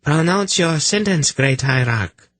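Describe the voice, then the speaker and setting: A man's voice: on the high side, animated, unhurried, fairly bright tone, no room sound, voice pushed up. A man voicing a cruel, scheming priestess with a throaty, purring voice and a smug, haughty manner.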